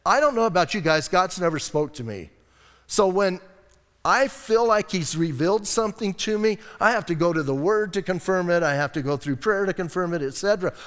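Male pastor, casual sermon, slightly high voice, long reverb from the hall. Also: brisk, clean tone. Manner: animated, acts out voices in quotes; casual, conversational preaching. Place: church hall.

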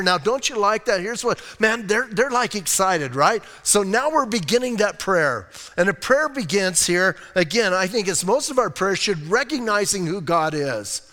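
A man's voice: high-pitched, lively intonation, normal speed, few pauses, bright, forceful tone, big-room sound. A man preaching a sermon as pastor, casual and conversational, leaning hard on key points. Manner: conversational, keeps saying "listen, man"; emphatic, rises on key points.

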